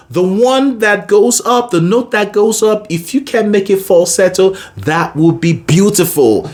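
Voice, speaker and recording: A woman's voice: lowish voice, lively intonation, moderate pace, a little mellow. Brief: woman vocal coach, conversational teaching, breaks into sung examples. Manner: explains then demonstrates by singing. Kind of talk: singing lesson with sung demonstrations.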